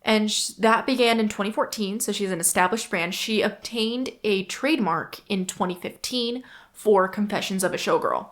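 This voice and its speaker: A woman's voice: mid-range voice, moderate pace. A young woman hosting a solo podcast in a casual, rambling, chatty way, often stopping to correct herself. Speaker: podcast host.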